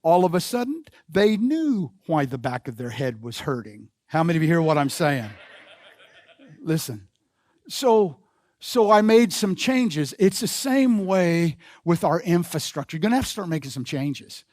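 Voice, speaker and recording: A man's voice: on the high side, very animated, normal speed, a little mellow, dry recording. A man preaching a sermon as pastor, telling a personal story and calling the congregation to repeat his phrases. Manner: call-and-response preaching, repeats phrases, builds in force. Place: church sanctuary.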